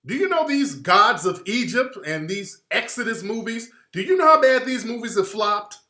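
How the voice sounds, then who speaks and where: Blunt, profane radio host, bright echoey voice. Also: male voice, extremely high pitch, moderate pace. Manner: blunt, profane and animated, mimics others in quoted voices. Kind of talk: opinionated radio commentary.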